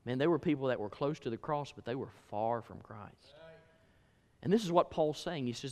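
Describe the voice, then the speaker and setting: Preacher in an echoey hall. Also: male voice, medium pitch, lively intonation, normal speed. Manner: folksy storytelling, swings between loud emphasis and hushed asides. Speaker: pastor. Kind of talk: sermon.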